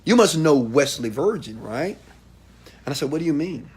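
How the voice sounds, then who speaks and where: A husky-voiced man delivers a motivational talk to a live audience. He preaches and calls out to the crowd, dropping from loud outbursts to near-whispered asides. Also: a little high, very animated, normal speed. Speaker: motivational speaker.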